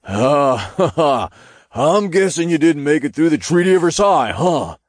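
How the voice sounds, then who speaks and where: A crude, wisecracking little imp who swears and jokes in a somewhat raised, quick voice, as a man puts him on. He sounds flippant and sarcastic in a dry, close audiobook read. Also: a little high, sing-song, dry recording, pitched above the performer's own voice. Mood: snarky.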